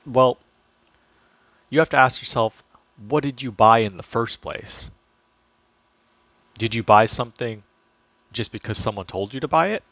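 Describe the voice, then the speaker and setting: A man's voice: mid-range voice, sharp tone, dry recording. A man talking casually about investing to his viewers, chatty and loose, full of fillers and restarts. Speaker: finance vlogger. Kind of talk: casual talk to camera.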